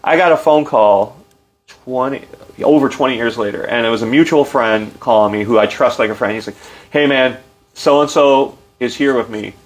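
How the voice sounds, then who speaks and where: A middle-aged man with an animated storytelling manner, loose and full of fillers, acting out quotes in a livelier voice. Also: mid-range voice, moderate pace. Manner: loose, filler-heavy delivery. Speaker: interview guest. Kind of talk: casual storytelling.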